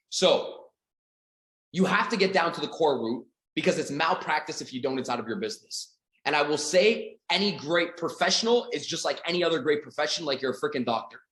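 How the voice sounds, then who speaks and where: Fired-up Canadian sales coach. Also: male voice, fairly high pitch, reverberant. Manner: animated storytelling, acts out dialogues, swears casually. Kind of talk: motivational talk to an online audience.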